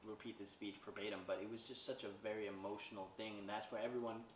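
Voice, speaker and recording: A man with a slightly low voice talks through a film's plot in a loose, rambling way, often adding "like" and asking "right?". He sounds set back from the mic in a room with a lot of echo. A faint hum of ambience sits underneath. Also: little pitch movement, fast talker, far from the mic. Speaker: podcast host reviewing a movie. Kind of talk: casual plot recap.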